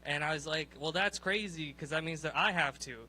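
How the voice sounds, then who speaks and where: A young man doing a profane, animated stand-up set, ranting in disbelief and laughing at his own lines. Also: on the high side, a little fast, a little hiss or hum. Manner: profane, animated, incredulous rants with frequent laughs. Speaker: stand-up comedian. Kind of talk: stand-up set at an open mic.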